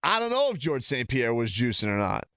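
A man's voice: mid-range voice, sing-song, fairly quick, fairly bright tone, clear, resonant tone, dry recording, clean studio sound. A man ranting heatedly and sarcastically as a sports talk host.

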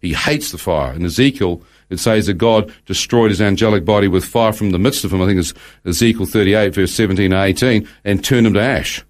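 A man's voice: fairly low pitch, a little fast, few pauses. A man, telling a guest's testimony in conversation, acting out his own thoughts as dialogue and quoting scripture by verse.

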